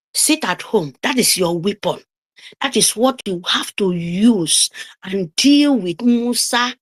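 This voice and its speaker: A woman with a Nigerian accent delivers a fiery, scolding speech over a call microphone. Her voice sits fairly high and swings widely in pitch as she hammers home repeated phrases. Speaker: speaker on an online group call. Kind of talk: impassioned political speech. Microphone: remote call microphone.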